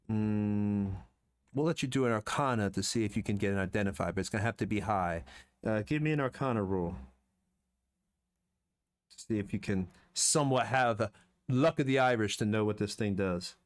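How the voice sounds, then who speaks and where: A man's voice: lowish voice, moderate pace, clean tone. A man running a tabletop game as game master over an online call, describing items in an easygoing, rambling way.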